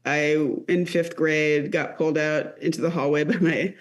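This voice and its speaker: A woman in her late thirties, a comedian guest, chatting casually on a podcast in an animated, rambling way. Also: low voice, normal speed. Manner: animated, rambling with many fillers.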